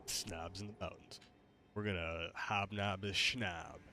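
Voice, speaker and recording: A man's voice: sits low, steady tone, a little slow, sharp tone, faint music behind. A man streaming a game, chatting casually in a goofy, joking, easygoing way. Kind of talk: casual gaming stream chat. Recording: noticeable background noise.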